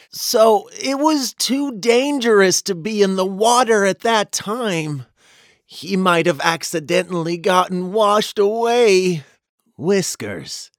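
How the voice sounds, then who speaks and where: A woman's voice: lowish voice, dry recording, studio quality, voice pushed down. A woman voicing a kindly, wise mouse who patiently explains things in a children's story. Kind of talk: storybook narration.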